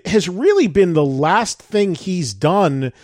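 A man hosts an interview, his voice sitting high for a man. He asks long, wandering questions and restarts his sentences as he thinks. The audio is dry and close. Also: lively intonation, slow pace, darkish tone, no room sound. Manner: rambling, thinks aloud with restarts. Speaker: radio and podcast host. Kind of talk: interview chat.

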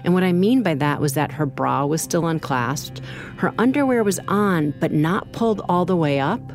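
Low-voiced woman narrating true crime. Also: animated, moderate pace, soft background music. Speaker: co-host.

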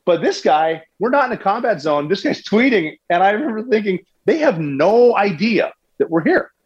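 A man telling a story in a conversational way, animated, with restarts and sports analogies. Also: high-pitched, normal speed, slightly rough, highs cut off. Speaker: guest recounting a military raid.

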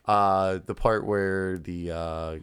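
A man's voice: low voice, steady tone, takes it slowly, fairly bright tone, smooth. Rambling, swearing podcast man. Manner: rambling, swears freely, acts out his own reactions. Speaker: podcast co-host. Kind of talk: casual chat.

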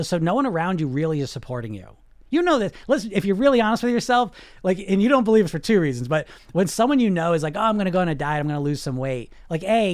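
Recorded dry with studio quality, this hypnosis weight-loss coach speaks casually and emphatically in a motivational talk. He keeps checking in with "you know," and his delivery shifts between loud, high bursts and low, quiet stretches.

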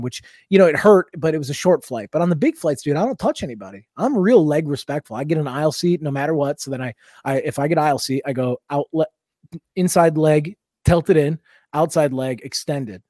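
A man's voice: fairly high pitch, darkish tone, no echo, studio quality. A man co-hosting a comedy podcast, rambling and joking with frequent laughs. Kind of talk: casual comedic chat.

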